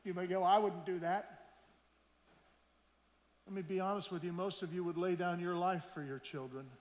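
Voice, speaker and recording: A man's voice: high-pitched, steady tone, fast. A man preaching a sermon in church, telling stories in a conversational way, quoting people and asking the congregation questions. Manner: conversational preaching, asks the audience questions, quotes people he met. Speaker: missionary speaker. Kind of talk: sermon with storytelling. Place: large church hall. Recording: roomy church hall reverb.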